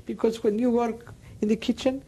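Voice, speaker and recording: Older woman from Greece, Greek accent, non-native English, warm low-bright tone, emphatic oral-history speaker. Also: steady tone, normal speed, slightly rough. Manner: broken English, emphatic and repetitive storytelling. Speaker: Holocaust survivor interviewee.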